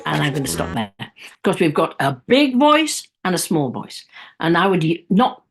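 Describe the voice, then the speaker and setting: Woman music teacher, low-set speaking voice, lively swings in pitch, chatty and demonstrative. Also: moderate pace, slight background noise. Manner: chatty and demonstrative, breaks into sung and whispered examples. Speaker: music teacher presenting a webinar. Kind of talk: teacher webinar talk.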